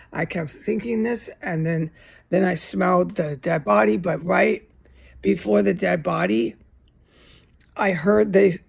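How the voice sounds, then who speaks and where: A woman's voice: on the low side, vocal fry, husky. A woman ranting in an agitated, indignant vlog full of profanity. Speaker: vlogger.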